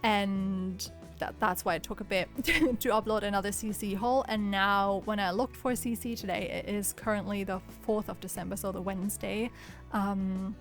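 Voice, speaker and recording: A young woman in her twenties recording a casual chatty voiceover from home, her voice weak and cracking, speaking in a subdued, rather monotonous way and laughing often. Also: mid-range voice, moderate pace, faint music behind. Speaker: video creator.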